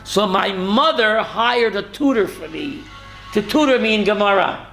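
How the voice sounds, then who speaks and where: A man's voice: sits high, lively intonation, moderate pace, creaky, fairly bright tone, soft background music, full character voice. A man voicing a scholar earnestly recalling how his mother inspired him as a boy. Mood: reflective.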